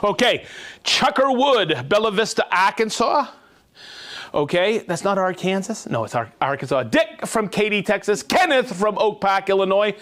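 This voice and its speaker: A man hosting a livestream, reading out viewer shout-outs in an upbeat, jokey way. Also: high voice, very animated, normal speed. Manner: upbeat, jokey, rattling off names and places. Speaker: livestream host.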